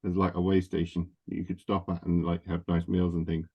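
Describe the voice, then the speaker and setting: A man chatting casually in character during a tabletop game. His voice sits on the low side, and the recording sounds a little dull and muffled. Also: completely flat delivery, brisk. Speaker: player.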